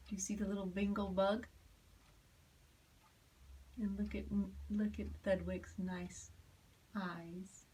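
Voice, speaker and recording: An older woman reading a rhyming picture book aloud, expressive, with asides to a child. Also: mid-range voice, slow, pauses often, far from the mic, low-quality recording. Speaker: storyteller.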